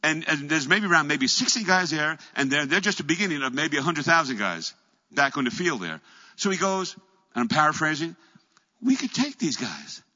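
Husky preacher in an echoey hall. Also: male voice, fairly high pitch, expressive, fairly quick. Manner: storytelling preacher, acts out voices and swings from quiet to loud. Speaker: pastor. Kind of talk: sermon. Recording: echoey hall, dull lo-fi sound.

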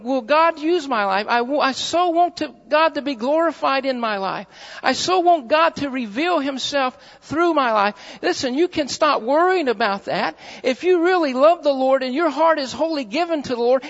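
Male pastor, very high and gravelly voice, fervent repetitive sermon; muffled recording, long hall reverb. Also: a bit bright. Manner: fervent, repeats phrases for emphasis.

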